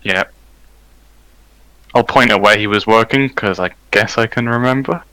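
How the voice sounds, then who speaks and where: Man, lowish voice, bright tone, excitable player, dry recording. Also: moderate pace, no room sound, rough recording. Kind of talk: tabletop role-play.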